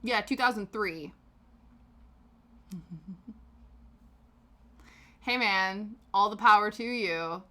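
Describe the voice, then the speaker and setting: A woman's voice: medium pitch, drawn-out words, long pauses, sharp tone. A woman hosting a live stream, chatting casually with her viewers while she knits, rambling and laughing often. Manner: chatty and rambling, answering chat with frequent laughs.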